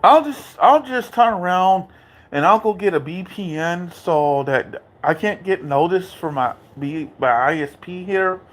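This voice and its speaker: A man's voice: sits high, expressive, a little slow, a bit bright. Furious man ranting at the camera. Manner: heated, profane, taunting, repeats phrases. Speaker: vlogger. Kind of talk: angry rant to camera. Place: dark room at home.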